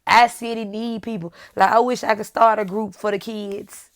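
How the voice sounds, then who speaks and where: A woman's voice: medium pitch, flat delivery, normal speed. A young adult woman vlogging candidly and emphatically, addressing her viewers directly and repeating her points. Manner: emphatic, repetitive, talks straight to viewers. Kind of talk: candid motivational vlog talk.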